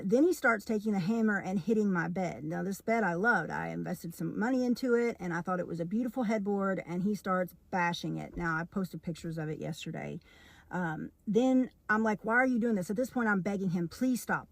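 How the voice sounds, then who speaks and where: A woman's voice: medium pitch, creaky. Earnest woman in an echoey room. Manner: earnest, hesitant recounting with many fillers; talking while painting. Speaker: storyteller. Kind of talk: casual personal storytime. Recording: echoey room with long reverb.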